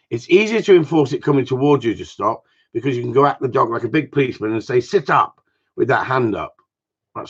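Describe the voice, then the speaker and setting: Blunt husky man from Cornwall. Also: medium pitch. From Cornwall, England. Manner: blunt, jokey, plain-spoken. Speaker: gundog trainer answering viewer questions. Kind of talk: casual live training talk. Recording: dull lo-fi sound.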